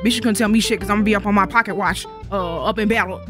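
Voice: mid-range voice, steady tone, rapid-fire, few pauses, music in the background. A young adult gaming YouTuber giving casual gameplay commentary, sassy and rambling, full of profane trash talk.

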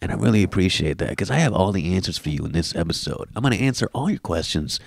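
Brash deep-voiced comedian ranting on his podcast. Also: lively intonation, fast talker, no room sound, studio quality. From Queens, New York. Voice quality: deep smooth radio voice. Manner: brash, profane, mocking. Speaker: podcast host. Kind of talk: comedic solo podcast rant. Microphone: laptop camera mic.

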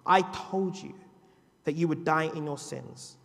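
A man preaching a sermon to his church, swinging between loud, building declarations and hushed, quiet drops. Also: on the high side, steady tone, a little slow, creaky. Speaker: pastor. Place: church sanctuary. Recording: church hall with long reverb.

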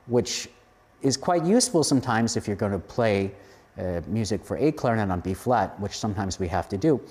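A male clarinetist calmly explaining the features of a new instrument. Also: lowish voice. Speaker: clarinetist giving feedback. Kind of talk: explanatory spoken review.

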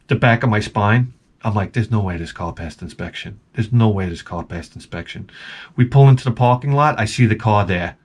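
A man hosting his own vlog, telling rambling, stammering stories in a casual way. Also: mid-range voice. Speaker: vlog host. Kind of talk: casual storytelling.

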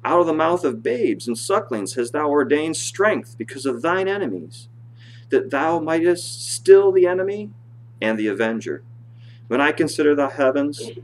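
A man preaching a church sermon, his voice swelling high and loud on scripture, then sinking low and quiet to explain. He sits at a middle pitch for a man. A faint hum runs under the recording. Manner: impassioned preaching, reads scripture aloud in a rising voice and drops low to explain. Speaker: pastor.

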